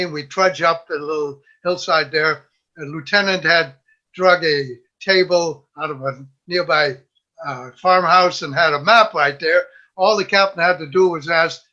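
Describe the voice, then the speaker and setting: Bright-voiced old veteran spinning a yarn. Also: male voice, on the high side, normal speed. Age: older. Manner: lively storyteller, quotes others in raised voice, laughs at own tale. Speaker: WWII veteran guest. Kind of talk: telling a war story. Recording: dull lo-fi audio.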